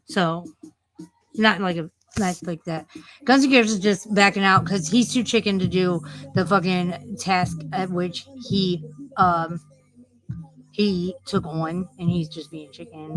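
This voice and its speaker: Brief: woman streamer, mid-pitched, swears constantly, loose scattered chat. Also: fairly even intonation, unhurried, fairly bright tone, soft background music, rough recording. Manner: profane, rambling, easily distracted. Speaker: livestream host. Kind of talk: casual livestream chat.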